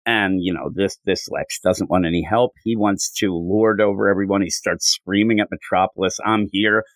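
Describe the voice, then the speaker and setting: A man with a low voice co-hosts a podcast, chatting casually about comics and acting out characters' lines in quick, animated voices. The recording is dry and rough.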